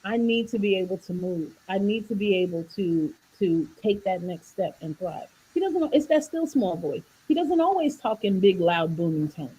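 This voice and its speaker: A woman wellness coach with a medium-pitched, breathy-edged voice speaks at a normal speed with hardly any pauses, and the highs in the recording are cut off. In a faith-based livestream talk over a video call, she covers faith and health as a preachy, animated storyteller who acts out voices in her jokes.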